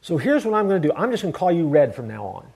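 A man voicing a stern, blunt father talking to his teenage son in a gruff, demanding way. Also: fairly high pitch, big pitch swings, very fast, exaggerated voice. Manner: gruff and demanding, softening when proud.

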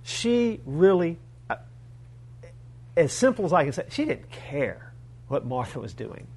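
A male pastor preaching a sermon, retelling a story in an animated way with humorous asides to the congregation. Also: fairly high pitch, unhurried, breathy edge.

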